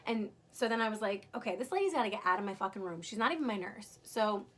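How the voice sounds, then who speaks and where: A woman's voice: medium pitch, lively intonation, fast, fairly bright tone. A young woman candidly recounting her birth story in casual, emotional storytelling, swearing freely.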